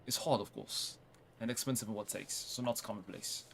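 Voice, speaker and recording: A man voicing a suave French male banker with a put-on French accent, speaking formally and slowly. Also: fairly low pitch, steady tone, vocal fry, a little hiss or hum. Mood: confiding. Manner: formal, slow and measured.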